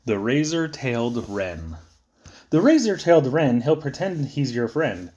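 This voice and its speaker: A man's voice: big pitch swings, measured pace, dark tone. Playful man reading children's poems. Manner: playful, sing-song delivery with sudden high squeaks and low drops. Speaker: poetry reader.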